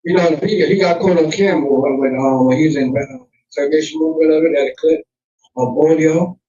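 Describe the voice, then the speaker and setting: A man co-hosting a casual podcast, talking in a measured, rambling way with lots of fillers. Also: fairly high pitch, fairly even intonation, warm tone. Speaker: podcast co-host. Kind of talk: casual chat. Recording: echoey, distant, dull lo-fi sound.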